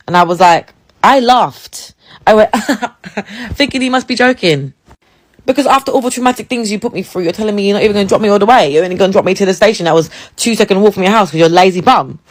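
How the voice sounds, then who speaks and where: A woman from England telling a dating story in a casual, animated way, laughing and swearing. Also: mid-range voice, fast talker.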